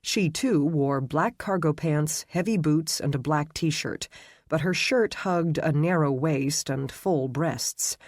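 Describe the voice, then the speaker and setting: Audiobook narrator, man, steady telling, very dry close sound. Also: fairly high pitch, slow pace, no room sound. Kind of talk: scripted narration.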